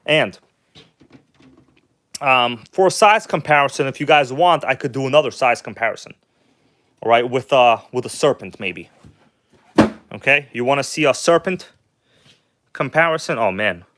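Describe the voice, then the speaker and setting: A man's voice: mid-range voice, expressive, normal speed, pauses often, a bit bright, a little hiss or hum. A man hosting a casual live stream, rambling and chatty, talking bluntly and enthusiastically to his viewers.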